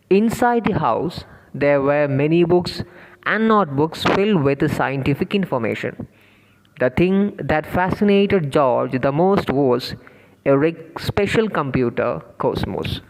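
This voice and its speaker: A man teaching an English lesson. He explains the textbook slowly and carefully, speaking directly to his students. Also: fairly high pitch, creaky, long reverb tail, low-quality recording.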